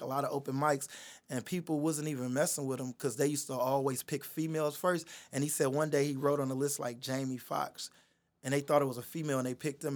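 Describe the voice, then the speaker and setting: A man in his thirties, a guest comedian, telling a lively slangy anecdote and laughing as he goes. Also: a little high. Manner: lively storyteller, slangy, laughs mid-story. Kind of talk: animated anecdote in a podcast chat.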